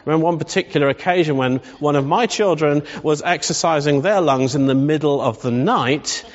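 A man's voice: fairly high pitch, normal speed. A man preaching a sermon in a humorous, conversational way, often asking the congregation questions. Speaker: pastor. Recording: dull sound with long hall reverb.

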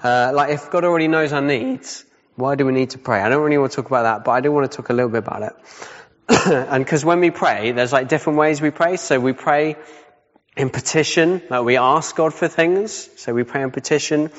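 A man's voice: medium pitch, a little fast. A man preaching a sermon in a casual, conversational way, often checking in with "yeah?" and repeating his key points. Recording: dull sound with long hall reverb.

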